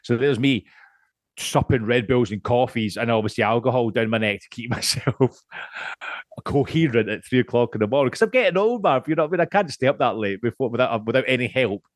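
A man's voice: medium pitch, lively intonation, fairly quick, no room sound. Rambling Scottish man, dry close sound. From Scotland. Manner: rambling, swears freely, laughs often. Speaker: podcast guest. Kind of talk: casual podcast chat.

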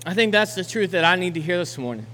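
A young adult man preaches a sermon in a church auditorium, his voice set fairly high. He climbs into loud, urgent exhortation, then eases into a quiet, reflective close. Long hall reverb trails each phrase over faint background noise. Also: animated, quick pace. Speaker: pastor.

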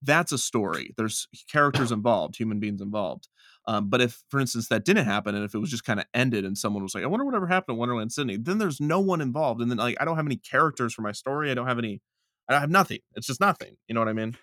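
A man who makes online videos, chatting casually in a rambling, animated way with frequent laughter. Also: mid-range voice, fast talker, no room sound, studio quality. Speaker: video creator and podcast host. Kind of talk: casual conversation.

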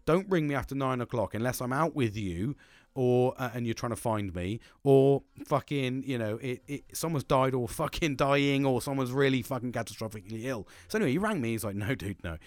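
A young man telling a work story in a casual, animated way, swearing constantly and laughing as he goes. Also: medium pitch, brisk, dry recording.

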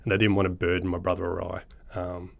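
A man's voice: sits low, level tone, fast talker, gravelly. An Australian man from Melbourne, a guest in an interview, telling his story in an easygoing, reflective way and laughing often. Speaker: guest, charity founder.

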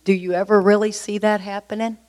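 A middle-aged woman tells a personal story to an audience. She is lively and confiding, and she keeps pulling her listeners in. Her voice sits at an ordinary middle pitch. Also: a little fast. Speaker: speaker sharing a recovery story.

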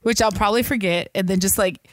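A woman's voice: mid-range voice, fast, dry recording, clean studio sound. A woman co-hosting a podcast, chatting in a giggly, self-mocking way. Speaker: podcast co-host. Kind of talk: casual chat.

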